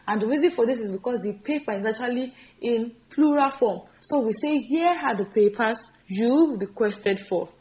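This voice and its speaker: A woman teaching English grammar in an earnest, encouraging way, repeating each example sentence slowly and with emphasis. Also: a little high, a little mellow, rough recording. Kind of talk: spoken grammar lesson.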